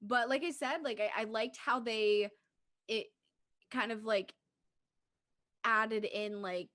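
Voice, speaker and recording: A woman's voice: fairly high pitch, fairly even intonation, slow, pushed and bright. A woman co-hosting a casual chat on a video call, sleepy and yawning, talking with lots of "like" fillers. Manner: chatty, laughs often, many "like" fillers. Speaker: co-host.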